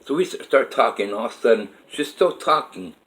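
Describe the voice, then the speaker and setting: A man's voice: mid-range voice, animated, fairly quick, a bit bright, poor audio. A man telling a personal story in a rambling, emphatic way with many fillers.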